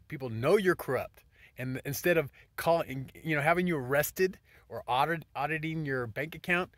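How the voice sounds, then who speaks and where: A man talks straight to his viewers in a rough, husky voice at an ordinary pitch. He rants and swears, pushing loud on his complaints and sinking to near-whispers when he turns tender. The delivery is loose and unscripted. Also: no room sound. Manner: ranting, profane, swings between loud outbursts and soft whispers. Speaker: vlogger. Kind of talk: casual monologue to camera.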